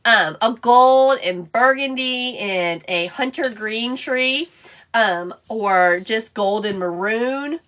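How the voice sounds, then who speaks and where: A woman's voice: a little high, slow pace, a bit bright. A woman hosting a live crafting stream, chatting playfully and bantering with viewers in the chat while she works. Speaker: craft livestream host.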